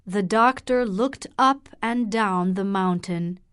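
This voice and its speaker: Very slow woman narrating a story. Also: mid-range voice, a bit bright. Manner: very slow and clear.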